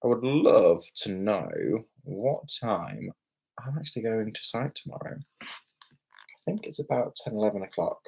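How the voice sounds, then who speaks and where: A man's voice: fairly low pitch, big pitch swings, measured pace, gravelly, darkish tone, slightly rough. Tipsy British man rambling on a live stream. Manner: rambling, exclamatory, self-mocking. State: tipsy from beer. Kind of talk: casual live-stream chat. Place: hotel room.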